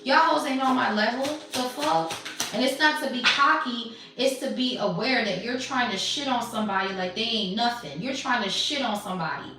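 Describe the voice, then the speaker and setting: In a very echoey room, a tarot reader's voice is off-mic and distant, heard over music. Her voice is a little high, expressive and moderately paced. She gives a casual tarot monologue that's blunt, profane, slangy and mocking.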